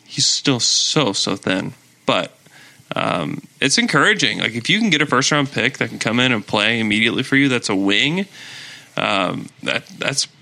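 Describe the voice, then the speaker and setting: An animated man in his thirties, his voice very bright and lively as it climbs and falls. He talks at length in a casual sports-podcast chat and laughs easily. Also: medium pitch, normal speed, creaky. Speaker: podcast co-host.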